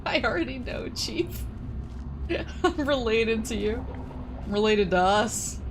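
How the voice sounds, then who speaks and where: A woman's voice: a little high, animated, takes it slowly, background noise. A young woman streamer chatting casually while playing a game, telling rambling stories and laughing often.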